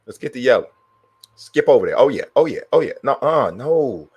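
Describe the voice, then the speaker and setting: A man's voice: mid-range voice, big pitch swings, fairly quick, a little mellow, husky, no echo, muffled recording. A man streaming gameplay, muttering and trash-talking his players as he plays. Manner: trash-talks the game, mutters to himself. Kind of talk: live gameplay commentary.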